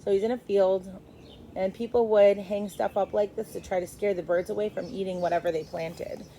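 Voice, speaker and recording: Give me a woman teacher reading aloud to children, expressive, with a slight faint hiss behind. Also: mid-range voice, fairly quick, vocal fry, low-quality recording. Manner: expressive, stops to explain to kids. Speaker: first grade teacher.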